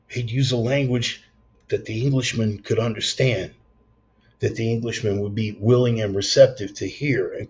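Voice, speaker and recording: A man's voice: mid-range voice, a little mellow, a little hiss or hum. A man preaching a raw, profane storytelling sermon, blunt and intense. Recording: slightly dull lo-fi sound.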